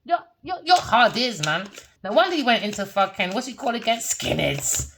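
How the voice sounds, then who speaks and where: A woman giving a casual tarot reading in a brash, profane, mocking way, laughing often and swinging between low muttering and loud, high bursts. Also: big pitch swings, fairly quick, a little hiss or hum. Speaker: tarot reader.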